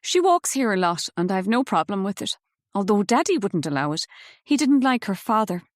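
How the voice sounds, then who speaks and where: A woman's voice: medium pitch, sing-song, normal speed, no room sound, clean studio sound, natural voice. Woman doing a chirpy aunt. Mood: gentle. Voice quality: bright, chirpy, gentle. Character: chirpy, brisk middle-aged Irish aunt.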